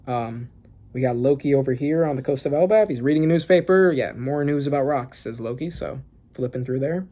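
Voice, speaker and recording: A young adult talks through a fresh manga chapter in a loose, casual way, reading the panels aloud. The voice sits in a middle pitch, peppered with fillers and sudden excited gasps. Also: a little fast. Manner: excitable, gasping and laughing, lots of fillers. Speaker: manga reaction streamer.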